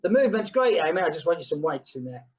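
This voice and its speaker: A woman's voice: sits low, very animated, fast, darkish tone, highs cut off. A woman leading a group exercise class, chatting between count-downs and humming playful sounds. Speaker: fitness instructor.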